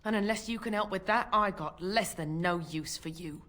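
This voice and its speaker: A woman's voice: medium pitch, normal speed, fairly bright tone, natural voice. A woman playing a bitter, scornful poor mother. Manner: cold, contemptuous. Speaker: video game character.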